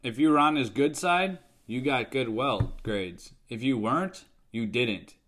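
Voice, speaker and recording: A man speaking bluntly and swearing as he adds to his friend's story. His voice sits at an average pitch, and he keeps the tone loose and casual. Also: a little slow, a little hiss or hum. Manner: blunt, profane and animated when chiming in. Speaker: podcast co-host. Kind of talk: casual chat.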